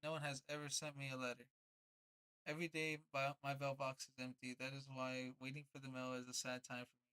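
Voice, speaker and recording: A man's voice: medium pitch, completely flat delivery, brisk, pushed and bright, clear, resonant tone, close to an everyday voice, low-quality recording. Guy reading as a glum shy toad, kinda mopey, pretty much his own normal voice. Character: shy, gloomy male toad.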